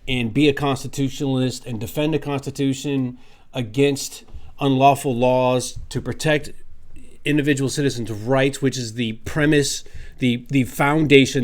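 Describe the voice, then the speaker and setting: A man's voice: medium pitch, darkish tone. Sarcastic ranting male vlogger. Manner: emphatic, argumentative. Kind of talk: opinion commentary vlog.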